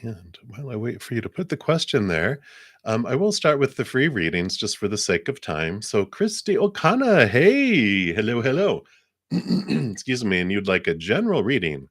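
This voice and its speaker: A man's voice: mid-range voice, normal speed, slightly rough, no room sound, studio quality. A middle-aged man hosting a live tarot card reading, chatting casually with viewers and thanking donors. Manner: relaxed and chatty, thanks donors, many fillers.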